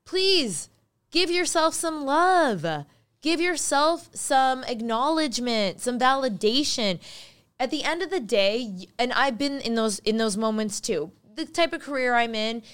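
Smooth-voiced upbeat woman life coach. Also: a little high, normal speed. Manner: upbeat, emphatic, laughs often. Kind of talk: motivational podcast talk.

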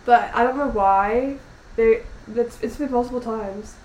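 A woman's voice: on the high side, unhurried. A woman in her twenties from New Orleans with a local accent, co-hosting a casual podcast and telling stories with strong opinions. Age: 20s. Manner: animated, storytelling, opinionated. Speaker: podcast co-host. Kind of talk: casual chat. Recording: echoey room.

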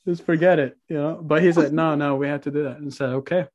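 A man's voice: fairly high pitch, fairly even intonation, quick pace, darkish tone, dull audio. A young man from Norway, telling a story as a podcast guest in a laid-back way, swearing and laughing a lot. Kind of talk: casual storytelling.

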